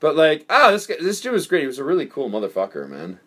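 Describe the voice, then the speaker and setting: Animated rambling man storyteller. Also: fairly high pitch, fast talker, husky. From United States. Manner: rambling, animated, swears freely, lots of fillers. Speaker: podcast storyteller. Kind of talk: casual storytelling.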